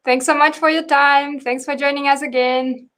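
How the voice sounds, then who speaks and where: Woman host, high voice, formal and deliberate live-stream introduction. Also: fairly even intonation, a bit bright. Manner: deliberate, formal announcing with hesitations.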